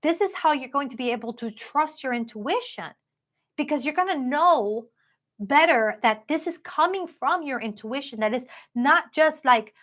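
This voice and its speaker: A tarot card reader with a high, somewhat bright voice gives a live-streamed reading at a moderate pace. She's animated, chatty, and upbeat, talking straight to her viewers.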